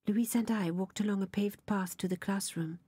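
A woman reading a novel aloud as an audiobook narrator, soft and often half-whispered. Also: medium pitch, steady tone, moderate pace, slightly rough, no room sound.

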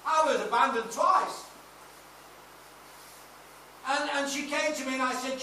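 A man's voice: very high voice, a little slow, a little hiss or hum. Emphatic older male preacher, echoing hall. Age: 60s. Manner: emphatic preaching with anecdotes and shouted praise. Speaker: pastor. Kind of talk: sermon. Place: large church hall. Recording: echoey hall, mic off at a distance.

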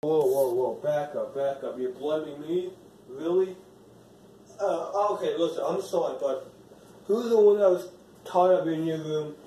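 A young man playing an anxious friend who pleads and apologizes in soft tones in an amateur phone-call drama. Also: on the high side, unhurried, echoey room, recorded from a distance, a little hiss or hum, natural voice. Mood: defensive.

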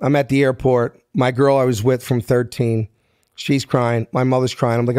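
A middle-aged man from South Philadelphia with a Philadelphia accent, a guest telling brash, animated stories and acting out the dialogue. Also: mid-range voice, normal speed, clear, resonant tone, dry recording, studio quality. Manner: acts out dialogue in the stories, street-smart and brash. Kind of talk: animated storytelling.

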